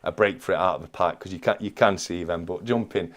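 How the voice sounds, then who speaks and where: A man hosting a live stream, excitedly calling an online race and chatting with his guest. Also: low voice, quick pace. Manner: excitable, shouting commentary.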